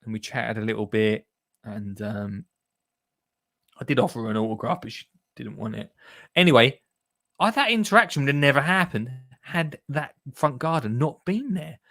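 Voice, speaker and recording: A man hosts a gardening podcast in a loose, jokey way. He rambles with plenty of ums and uhs at a mid pitch, friendly and chatty. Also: lively intonation, moderate pace, vocal fry, fairly bright tone, no echo, studio quality. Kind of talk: casual chat.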